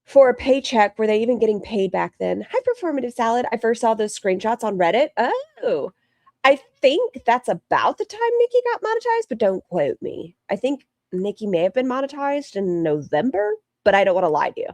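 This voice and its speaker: A woman's voice: a little high, sing-song, brisk, a little mellow, dry recording. A woman live-streaming commentary, sarcastic and mocking, reading out super chats between asides. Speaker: reaction streamer.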